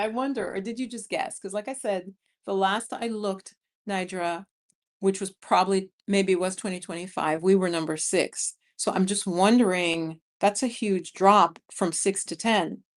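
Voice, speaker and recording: A woman's voice: medium pitch, a little slow. A woman, hosting a casual livestream, chatting and laughing as she reads viewer comments. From New York City. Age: 50s. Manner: chatty, animated storyteller who laughs often. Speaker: vlogger and livestream host. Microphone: streaming mic.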